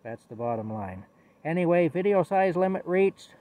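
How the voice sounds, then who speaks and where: A man's voice: fairly high pitch, expressive, moderate pace, phone-quality sound. Folksy man vlogging outdoors. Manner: rambling, folksy, chuckling between thoughts. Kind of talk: casual storytelling to camera. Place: outdoors in a blizzard. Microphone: phone held in hand.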